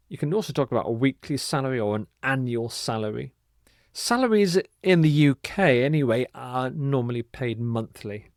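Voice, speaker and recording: A man teaching an English vocabulary lesson, speaking slowly and repeating words with careful, emphatic pronunciation. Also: mid-range voice, no echo, clean studio sound.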